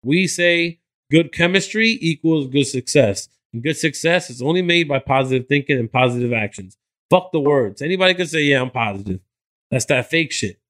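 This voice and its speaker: A man's voice: on the high side, expressive, moderate pace, fairly bright tone. A man from New Jersey, a hip hop artist guest, talking earnestly and motivationally in casual chat, with some swearing.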